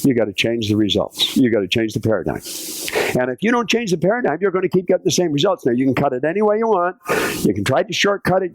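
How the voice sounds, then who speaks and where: A man's voice: fairly high pitch, low-quality recording. An older man delivering a motivational keynote speech, acting out quoted dialogue in his stories and now and then singing a snatch of a song. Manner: animated storytelling, acts out quoted dialogue, sings snatches of songs. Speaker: motivational speaker. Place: conference stage.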